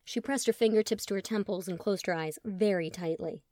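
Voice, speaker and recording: Casting: expressive woman audiobook narrator, wry, dry close studio sound. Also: medium pitch, a little fast, no room sound.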